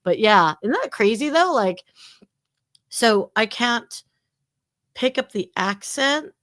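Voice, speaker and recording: A woman's voice: a little high, slow. Chatty woman around forty. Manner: chatty, animated, lots of fillers and laughs. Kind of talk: casual chat on a livestream.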